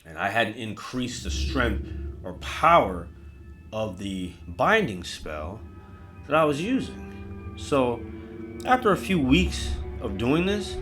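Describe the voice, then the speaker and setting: A man's voice: medium pitch, big pitch swings, slow pace, fairly bright tone, faint music behind. A man hosting a podcast, telling a comedic horror story in a rambling, profane way and talking to listeners directly. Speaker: podcast host.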